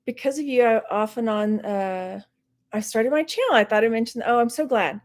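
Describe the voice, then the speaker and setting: Brief: rambling, giggly middle-aged reseller from Texas chatting on a livestream with a dry mouth, voice a bit high. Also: female voice, moderate pace. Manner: chatty, rambling, laughs often. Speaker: online reseller hosting a livestream. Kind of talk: casual livestream chat.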